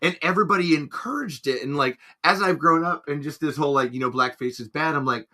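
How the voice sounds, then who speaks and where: A man co-hosting a podcast in casual, animated chat, laughing and swearing freely. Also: fairly high pitch, fast, slight background noise. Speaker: podcast co-host.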